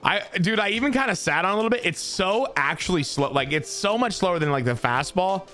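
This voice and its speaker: Excitable young man doing game commentary. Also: high-pitched, brisk, soft background music. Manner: excitable, self-mocking, swears freely. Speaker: gaming streamer. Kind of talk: live gameplay commentary.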